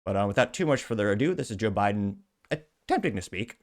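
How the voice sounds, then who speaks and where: A man's voice: fairly low pitch, very animated, fast. A man hosting a casual commentary show, reading viewer comments aloud with a sarcastic edge. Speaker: show host.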